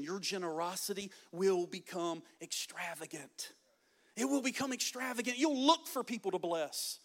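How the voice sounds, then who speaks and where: High-voiced guy preaching hard at church, keeps going "man," "listen," really fired up. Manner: fervent, emphatic preaching; peppers talk with "man" and "listen". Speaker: pastor. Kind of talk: sermon. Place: church service before a congregation.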